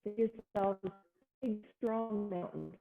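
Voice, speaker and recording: A woman yoga instructor leads a family class with gentle, playful cues and little animal noises. She speaks slowly at a middling pitch. The sound is thin and phone-like, with a long reverb trailing behind. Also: creaky.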